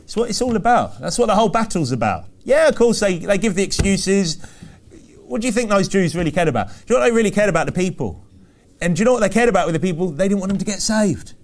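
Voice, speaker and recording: High-voiced man preaching emphatically. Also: animated, quick pace. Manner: emphatic, repetitive preaching cadence with rhetorical questions. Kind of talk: sermon.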